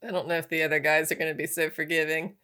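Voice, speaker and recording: A woman's voice: sits low, rapid-fire, background noise. A young woman from Alabama with a Southern accent, chatting casually and laughing as she reacts to a film. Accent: Southern American. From Alabama, USA. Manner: chatty, laughs often, animated asides. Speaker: movie reaction host. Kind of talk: casual movie reaction commentary. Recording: music from the film behind the voice.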